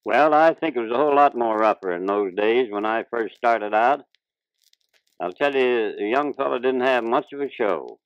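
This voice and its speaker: In a mid-range voice, a retired ballplayer of advanced age spins folksy yarns for a 1940s radio interview, speaking plainly and ungrammatically like an old-time storyteller. The transcription is dull and dry, with no room sound.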